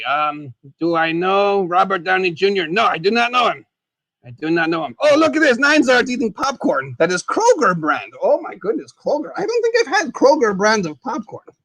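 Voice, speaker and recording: In a dry recording, a man with a high voice eats and chats on a casual livestream. He's excitable, often exclaiming, and talks about himself in the third person as the dead skeleton.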